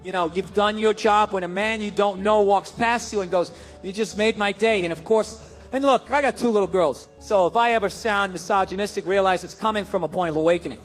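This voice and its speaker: A man performing a stand-up comedy set, animated and acting out voices, sometimes jumping to a shout. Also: high-pitched, brisk, faint music behind. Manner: animated, acts out voices, big swings to shouting.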